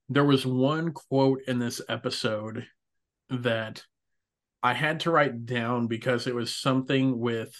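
A man's voice: medium pitch, a bit bright. A man hosting a casual anime recap podcast, laughing often and swearing casually. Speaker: podcast host.

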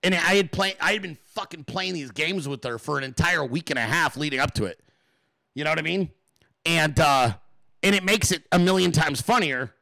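A man hosting a live show, ranting without a script to his chat, swearing constantly and acting out quotes in exaggerated high voices. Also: moderate pace, creaky, sharp tone, no room sound, clean studio sound. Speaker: livestream host. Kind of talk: profane unscripted rant to a live chat.

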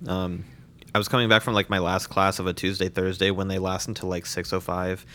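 Rambling young man, low voice. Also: little pitch movement, a little fast, sharp tone. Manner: rambling, lots of fillers. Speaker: podcast co-host. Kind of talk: casual chat.

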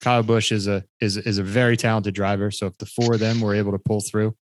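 A man co-hosting a casual podcast, chatting about racing, laughing often and getting animated. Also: lowish voice, fast, no echo. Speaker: podcast co-host.

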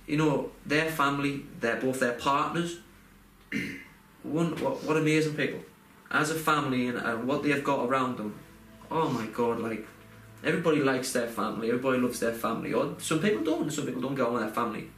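A man's voice: medium pitch, brisk, a bit bright. Man in casual, heartfelt chat. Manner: rambling, heartfelt, frequent fillers and restarts. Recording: roomy echo, faint background noise.

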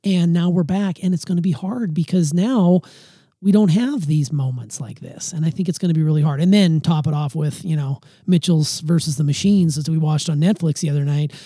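Podcast dad, low dark husky voice, dry close mic, candid and jokey. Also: male voice, a little fast, no room sound. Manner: candid, self-deprecating, playful. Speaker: podcast host. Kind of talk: casual family podcast chat.

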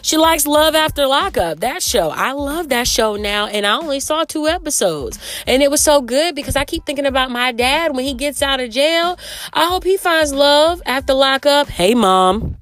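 A woman hosting a casual podcast, talking loudly and joking with speech. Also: high-pitched, moderate pace, no room sound, soft background music. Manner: loud, animated, joking, with bursts of laughter. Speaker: podcast host.

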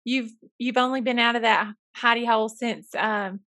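A woman's voice: a little high, steady tone, moderate pace, pushed and bright, no echo. A woman with a Southern US accent, a school counselor co-hosting a podcast, telling stories in a chatty way with folksy phrases. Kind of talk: casual chat.

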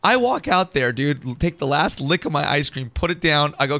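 A man's voice: on the high side, animated, fairly quick, bright, forceful tone, no room sound. A man, a stand-up comedian, telling a long rambling story in casual chat, swearing and saying "dude" constantly. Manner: rambling, profane, says dude a lot. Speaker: podcast guest, stand-up comedian.

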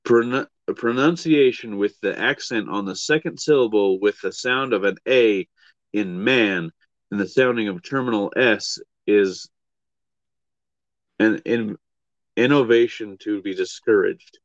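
A man's voice: on the low side, a little slow, no echo, dull audio. A man co-hosting a podcast in casual chat, blunt and profane, hedging often. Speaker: podcast co-host.

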